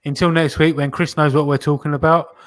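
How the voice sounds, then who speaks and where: A man hosting a podcast, wrapping up the show and reading names from the chat in a relaxed way, with plenty of fillers. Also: on the high side, fairly quick. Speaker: podcast host. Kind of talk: casual podcast wrap-up.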